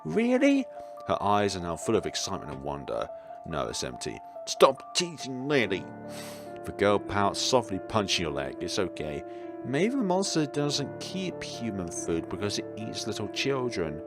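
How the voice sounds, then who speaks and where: Man reading a game aloud, low lively voice, game music behind. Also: normal speed. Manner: playful, wry asides. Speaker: gaming video creator. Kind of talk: reading a visual novel aloud with commentary.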